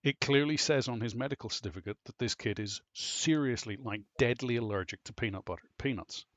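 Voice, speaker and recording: A man's voice: on the low side, a little fast, no room sound. A man hosting a podcast, telling a long story in a casual, rambling way and swearing freely. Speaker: podcast host. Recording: dull lo-fi voice recording.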